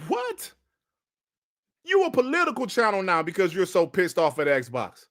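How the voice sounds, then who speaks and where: Male gaming podcast host, blunt and slangy, slightly high voice with lively swings in pitch. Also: fairly quick. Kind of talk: casual gaming podcast rant.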